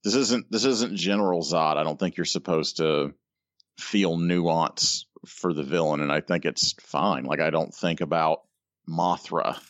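Male podcast co-host, very low voice, relaxed and teasing, dry, slightly muffled sound. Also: unhurried, no room sound. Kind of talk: casual chat.

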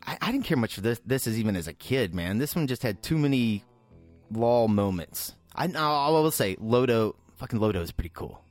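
A man's voice: medium pitch, animated, brisk, faint music behind. A man co-hosting a casual movie-review podcast who gives blunt, profane, dismissive opinions. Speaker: podcast co-host.

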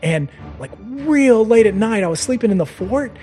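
A man voicing an eager, nerdy young boy who rushes his words in a high, excited voice during a tabletop game. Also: faint music behind. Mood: hushed, eager. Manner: breathless, rushed, pitched up high.

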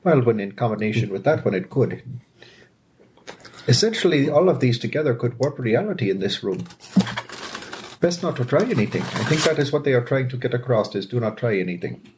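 A man's voice: medium pitch, expressive, brisk, darkish tone, a little hiss or hum. A man playing his character in a tabletop role-playing game, speaking formally and precisely without contractions. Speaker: player.

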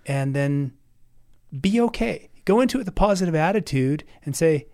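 Give me a man on a podcast, chatty and self-mocking, with a higher pitch, often laughing. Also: animated, moderate pace, darkish tone. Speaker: podcast guest. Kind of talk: casual chat.

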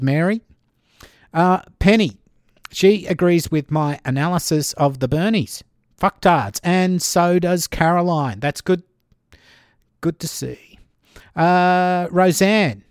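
A man hosting a podcast, chatting casually and rambling with dry, dark humor. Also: fairly high pitch, dry recording. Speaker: podcast host.

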